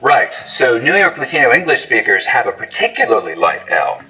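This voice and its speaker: A man's voice: medium pitch, sing-song, moderate pace, pushed and bright, soft background music. A man, an accent expert, narrating a tour of accents and playfully demonstrating their sounds. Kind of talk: explanatory narration. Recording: distant mic.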